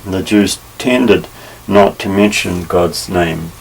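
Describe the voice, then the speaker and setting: A man teaching a Bible lesson, measured and careful, pausing often with fillers as he explains. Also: low-pitched, steady tone, creaky. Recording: slightly distant mic with faint ambient noise.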